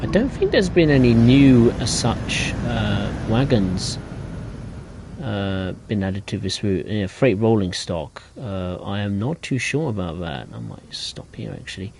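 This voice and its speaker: Man, gravelly voice, relaxed live game commentary, train rumble behind. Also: measured pace. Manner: relaxed, chatty, thinking aloud. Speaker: game streamer.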